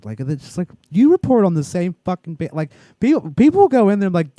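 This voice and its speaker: A man co-hosting a podcast, ranting in a lively, swooping voice that sits a little high. He swears freely and laughs along. The sound is close and dry. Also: a little fast, few pauses, no echo. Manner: animated, profane, ranting. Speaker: podcast co-host. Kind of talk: casual chat.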